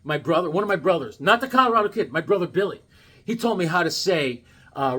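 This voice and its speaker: A man shows off his comic collection in a loose, jokey vlog, breaking into excited exclamations. His voice is husky and sits somewhat high. It leaps up and down with lively swings in pitch. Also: fast. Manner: animated, jokey, bursts of exclamations. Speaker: comic book vlogger. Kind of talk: casual show-and-tell vlog.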